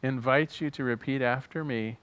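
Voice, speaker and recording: A man ministering to a church congregation, leading them in prayer with earnest, fervent conviction. His voice sits at an ordinary middle pitch. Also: steady tone, normal speed, a bit bright. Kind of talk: sermon and prayer. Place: church service.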